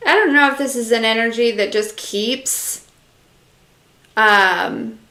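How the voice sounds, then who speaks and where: A woman's voice: a little high, slow, pushed and bright, echoey room. A woman giving a casual live-stream channeled message as an intuitive reader, rambling with lots of fillers, talking straight to her viewers and answering their comments.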